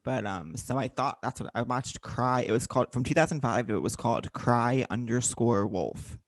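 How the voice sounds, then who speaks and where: A man's voice: mid-range voice, normal speed, no room sound. Chatty man telling a rambling story. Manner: rambling storyteller, many fillers like "like". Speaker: podcast guest. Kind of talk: casual comedy podcast chat.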